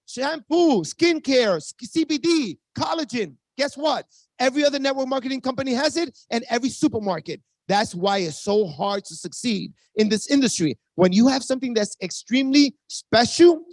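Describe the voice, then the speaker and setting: A man's voice: very high-pitched, no echo. Hyped fifty-something man, Spanish-accented English. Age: 50s. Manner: hyped, talks straight to the audience, many asides. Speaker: network marketing presenter. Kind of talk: energetic sales pitch. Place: team video call stream. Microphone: video call.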